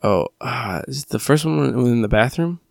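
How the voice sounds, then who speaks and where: Gravelly laid-back male podcast co-host. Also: mid-range voice, expressive, brisk, a little mellow, no room sound, studio quality. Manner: laid-back, chimes in, finishes the other's sentences. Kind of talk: casual chat.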